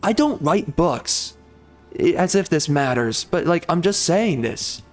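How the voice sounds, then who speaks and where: A young man rants to his audience, swearing and circling back over the same complaints. His voice sits a little high for a man. Faint music plays underneath him. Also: sing-song, a little slow. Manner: profane, heated, repetitive. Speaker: gaming YouTuber. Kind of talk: angry rant to camera.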